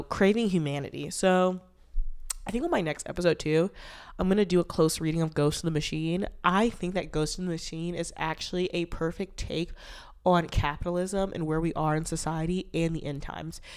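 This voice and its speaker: A woman's voice: on the low side, clear, resonant tone. A young woman hosting her own podcast, talking candidly and playfully with a stuffy nose from allergies. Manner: chatty, candid and playful, with bursts of loud laughter and sung lines. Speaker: podcast host. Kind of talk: casual solo podcast chat.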